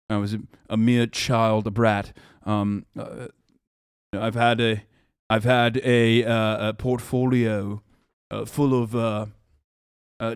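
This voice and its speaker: A pompous upper-class English politician drawls through his words, as a man puts him on. The voice sits lower and moves slowly, stumbling over ums and uhs. The sound is dry and close. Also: smooth, dry recording. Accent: posh English put on. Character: posh pompous British Tory politician, middle-aged man.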